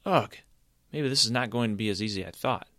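A man voicing an eager young boy hero who asks questions and gets excited. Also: mid-range voice, fast talker, dry recording, clean studio sound.

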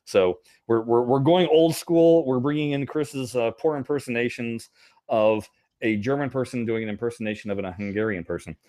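A man hosts a casual podcast chat and keeps poking fun at himself. His voice sits at an ordinary middle pitch, relaxed and conversational. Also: normal speed. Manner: self-mocking, laughing often. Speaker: podcast host.

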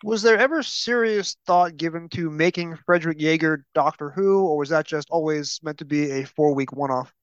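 A man's voice: a little high, moderate pace, hardly any pauses, smooth, no echo, lo-fi sound. A man hosting a podcast interview, asking long, inquisitive questions in a casual way. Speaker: podcast host.

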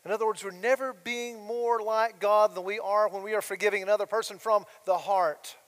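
A man's voice: high voice, steady tone, brisk, a bit bright. A middle-aged man, preaching a sermon as a pastor in a conversational way, full of asides and rhetorical questions. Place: church sanctuary. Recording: long hall reverb of a church.

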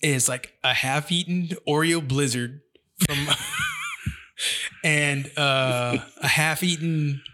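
A man's voice: on the high side, huge pitch swings, slow, bright, forceful tone. A man, father of two young boys, chatting casually and telling rambling stories full of swearing. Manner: profane, rambling storyteller. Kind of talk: casual chat.

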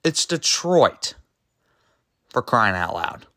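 Exasperated male podcaster, lively pitch. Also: slow, no echo, studio quality. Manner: exasperated and emphatic, with frequent rhetorical questions; loose and rambling, trips over words and self-corrects. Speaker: podcast host. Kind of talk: solo sports podcast rant.

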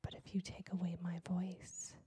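A woman voicing a timid young mermaid princess in a whispered role-play, soft and hesitant. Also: lowish voice, completely flat delivery, normal speed, close to an everyday voice.

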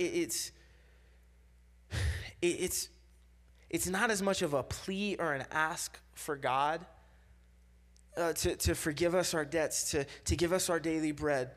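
A man's voice: a little high, a bit bright. A young man giving a casual sermon, talking loosely with many fillers and repeats and acting out quoted voices.

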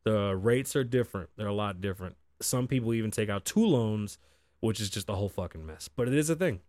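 A man's voice: fairly low pitch, fairly quick, no room sound. A man, hosting a casual show and talking bluntly with lots of cursing. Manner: blunt, animated, heavy cursing. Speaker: podcast host. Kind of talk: profane casual commentary.

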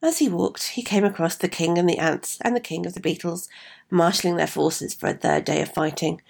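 A woman's voice: on the low side, fairly quick, vocal fry, a little mellow, slightly rough. A woman telling a fairy tale aloud with chatty asides to her listeners. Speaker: storyteller.

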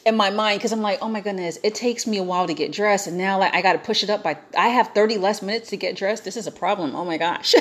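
A woman's voice: medium pitch, fast, hardly any pauses. Chatty woman telling a dating story. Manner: animated, chatty, quoting herself and others. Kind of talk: casual storytime.

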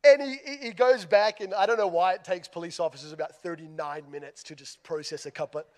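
A man with an Australian accent telling a humorous story in a sermon, self-deprecating and lively, with big shifts in loudness. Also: a little high, fairly quick.

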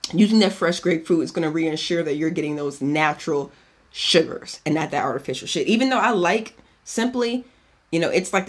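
A man hosting a podcast in a casual chat, giving a cocktail recipe in a chatty, profane way and drifting off on tangents. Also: on the high side. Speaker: podcast host.

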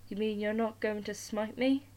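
A woman's voice: mid-range voice, fairly even intonation, moderate pace, close to an everyday voice. Woman doing young male thief, nervous, stammering, humble, storybook. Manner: stammering, anxious delivery.

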